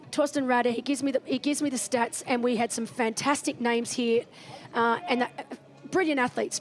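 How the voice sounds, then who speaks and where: A woman doing live race commentary from a commentary booth, chatty and enthusiastic. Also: a little high.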